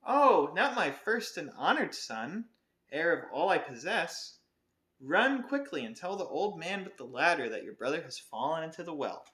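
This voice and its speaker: An impatient, stern mother scolds her child in slow, haughty phrases from a storybook reading, voiced by a man. The voice is pitched up and bright, with a roomy echo. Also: big pitch swings. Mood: scolding.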